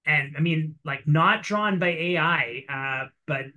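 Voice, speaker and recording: A man in casual chat about a comic he read, retelling scenes in a rambling, animated way with lots of fillers. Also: a little high, takes it slowly, phone-quality sound.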